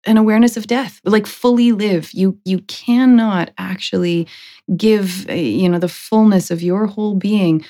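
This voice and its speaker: A woman's voice: medium pitch, normal speed, warm tone. A woman hosting a podcast in casual conversation, talking reflectively, often laughing and checking in with "right?". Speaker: podcast host.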